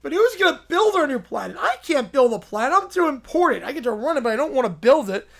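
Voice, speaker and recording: A man's voice: very high-pitched, sing-song, fast talker, gravelly, full character voice. A man voicing a whiny, spoiled little boy who complains and pleads. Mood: whining. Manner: whining, pleading.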